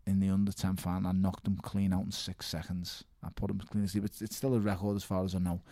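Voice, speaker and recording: A man with a Liverpool accent in casual interview chat, telling stories in an animated way and often saying "mate". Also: sits low, fast talker, dry recording, clean studio sound. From Liverpool, England. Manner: animated storytelling, frequent "mate", laughs. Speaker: interviewee, professional boxer.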